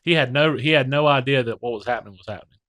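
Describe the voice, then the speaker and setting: A man co-hosting a casual podcast at an average pitch. He talks things through in a halting way and often restarts his words. His voice sounds dry and close, with no room around it. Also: fairly bright tone, no room sound. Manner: halting, repeats words when thinking. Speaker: podcast co-host. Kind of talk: casual chat.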